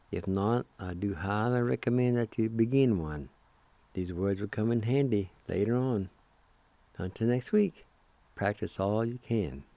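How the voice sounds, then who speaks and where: On a dry recording, a man with a low-leaning, warm voice hosts a radio lesson in Cherokee words. The lesson is slow and careful as he spells words letter by letter and repeats each syllable.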